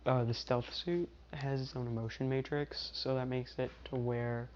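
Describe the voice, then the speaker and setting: A man's voice: medium pitch, little pitch movement, normal speed. A young man spins a fan-made story in a loose, rambling way, circling back and restarting as he goes. His voice sits in an ordinary middle register, and the dull, lo-fi recording carries a faint hiss of the room behind him. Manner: rambling, lots of fillers and restarts. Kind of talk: casual fan-fiction storytelling.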